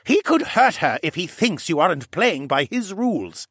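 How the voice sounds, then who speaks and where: A man voicing a formal, cautious old male koala archivist who speaks in a precise, placating way in a raised, husky voice. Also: sits high, big pitch swings, normal speed, a bit bright, dry recording, clean studio sound, voice pushed up, heavily acted. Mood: urgent.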